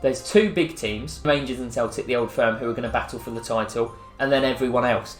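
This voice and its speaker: A man's voice: mid-range voice, brisk. English man, gameplay commentary, chatty, self-mocking, echoey room, faint music. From England. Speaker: gaming YouTuber.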